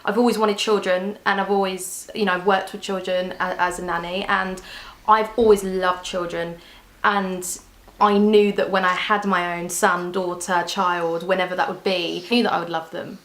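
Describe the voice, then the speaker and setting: A woman's voice: on the low side, flat delivery, normal speed, fairly bright tone. A young woman chatting candidly to camera as a vlogger, often restarting her sentences. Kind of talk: casual chat to camera. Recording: echoey room.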